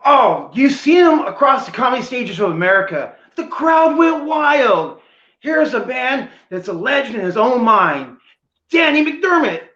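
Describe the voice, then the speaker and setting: A man's voice: very high voice, big pitch swings, measured pace, bright, forceful tone, roomy sound, muffled recording. A man co-hosting a podcast, playful and showy in a casual chat. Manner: playful, showman-like introductions. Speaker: podcast co-host.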